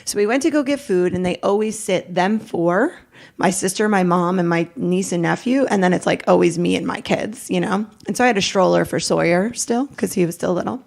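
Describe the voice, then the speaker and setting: A middle-aged woman, a podcast guest, telling a raw personal story in a rambling, animated way, acting out what each person said. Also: fairly low pitch, a little fast, vocal fry. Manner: rambling, animated retelling with quoted dialogue.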